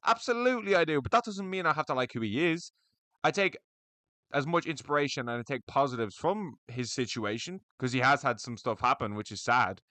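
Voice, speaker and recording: A young man speaks briskly with lively intonation in a sharp, medium-pitched voice, with no room sound. Hosting an opinionated MMA commentary video, he rants profanely and bluntly to camera about combat sport fans.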